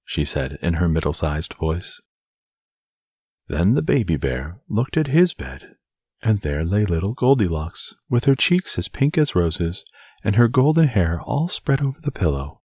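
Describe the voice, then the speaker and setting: A man narrating a bedtime fairy tale in an expressive, soothing read-aloud manner. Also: deep voice, normal speed, dry recording, studio quality. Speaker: storyteller.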